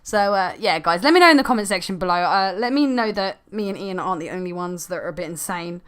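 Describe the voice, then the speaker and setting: A woman's voice: fairly low pitch, fast, smooth. Chatty woman vlogger who laughs a lot. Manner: chatty, laughs often, trailing off into quiet asides. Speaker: gaming vlogger. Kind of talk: casual chat to camera.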